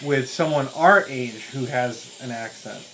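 A man in his thirties hosts a relaxed livestream, trading teasing, deadpan jabs with his co-host. His voice sits at a middling pitch, with a faint hiss of noise in the background. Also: measured pace, poor audio. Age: 30s. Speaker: streamer host. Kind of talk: casual livestream chat.

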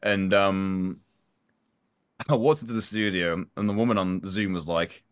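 A man, a voice actor, chatting in an interview in an animated, self-deprecating way, his voice swinging up and down. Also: sits low, a little slow, clean tone. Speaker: voice actor guest. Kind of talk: casual interview chat.

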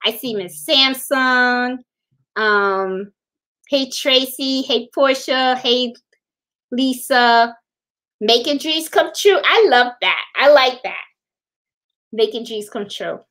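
Chatty woman host of a craft live stream, high-pitched, repeats herself, laughs easily. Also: slow pace, pauses often, fairly bright tone, rough recording. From Puerto Rican. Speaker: livestream host. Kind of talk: casual live-stream chat.

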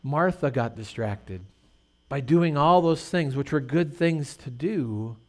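A man's voice: mid-range voice, expressive, takes it slowly. A middle-aged male pastor preaching a sermon in a conversational, storytelling way with rhetorical questions.

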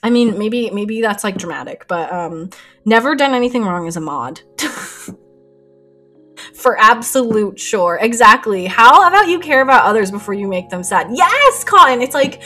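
Young woman, art streamer, casual rambling chat, giggly, lively pitch, faint background music. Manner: chatty, rambling, giggly, reads chat aloud. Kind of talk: casual live-stream chat while painting. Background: soft lo-fi music.

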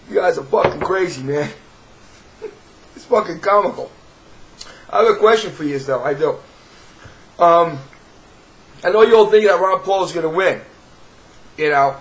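High-voiced New York guy, swearing and sarcastic, rambling vlog rant. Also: a bit bright, poor audio. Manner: profane, sarcastic, rambling with repeated restarts. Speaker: video blogger. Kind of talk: ranting to camera.

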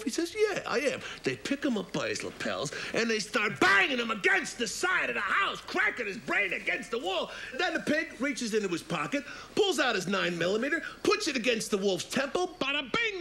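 Animated gravelly wise-guy storyteller, man. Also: extremely high pitch, a little hiss or hum. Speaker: mobster character telling a bedtime story. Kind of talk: comedic sketch storytelling.

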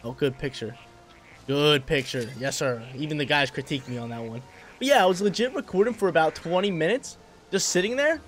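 A young man giving casual, excitable gameplay commentary full of slang, talking to the creatures on screen. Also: fairly high pitch, brisk, slight background noise. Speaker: gaming channel host.

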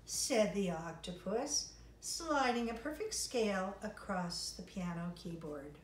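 A woman's voice: medium pitch, animated, slow. A woman music teacher giving an online lesson to young children, encouraging and sing-song as she reads a story. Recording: roomy, distant mic, faint noise.

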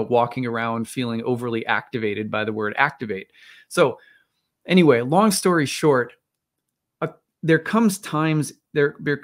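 A man talks on his own at an ordinary middle pitch, working through his ideas as he goes. He rambles, circles back, and restarts sentences, with plenty of fillers along the way. The delivery stays loose and conversational, like a casual monologue. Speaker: astrologer.

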